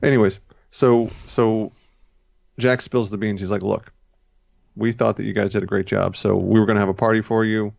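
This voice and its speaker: Man, low voice, gravelly, casual rambling chat, dull lo-fi dry recording. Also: little pitch movement, moderate pace, darkish tone, no room sound. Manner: rambling, self-correcting, retells scenes with quoted voices. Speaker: podcast co-host.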